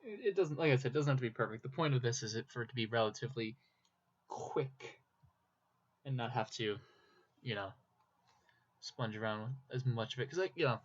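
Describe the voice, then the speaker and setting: A man's voice: medium pitch, slightly rough. A young man from Minnesota with a Minnesotan accent, rambling casually to himself while drawing, with self-deprecating asides. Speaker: YouTuber. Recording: dull lo-fi mic.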